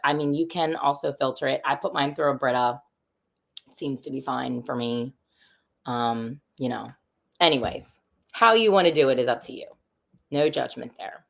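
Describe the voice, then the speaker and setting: A young woman talks loosely and chattily as a podcast host, wandering off into asides and fillers. Her voice sits low, with a gravelly fry running under her words. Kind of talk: casual chat.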